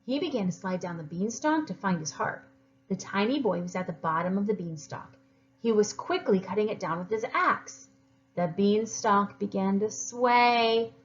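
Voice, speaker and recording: A woman teacher reading a story aloud to children, expressive and encouraging. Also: medium pitch, normal speed, muffled recording, a little hiss or hum.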